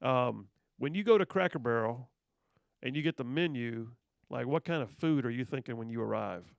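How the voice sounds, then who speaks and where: A man's voice: mid-range voice, lively intonation, moderate pace, gravelly, dry recording. A male radio host reading news stories aloud with sarcastic, teasing asides to his listeners, recorded on a studio microphone. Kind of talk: conservative talk radio commentary.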